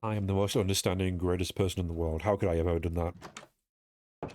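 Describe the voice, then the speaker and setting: British man, young, deep voice, rambling, self-mocking, casual streaming chat. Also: steady tone, fast talker, dark tone, slight background noise.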